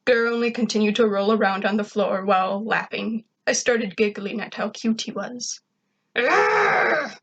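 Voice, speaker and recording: A woman reading fan fiction aloud in plain, even first-person narration. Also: medium pitch, moderate pace, few pauses, muffled recording. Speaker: reader.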